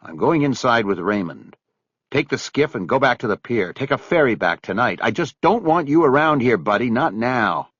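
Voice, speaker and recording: A man voicing a middle-aged man who talks in a curt, forceful way, close to his own low voice. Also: big pitch swings, normal speed, breathy edge, no echo, lo-fi sound. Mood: angry. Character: angry, clipped middle-aged man holding back rage.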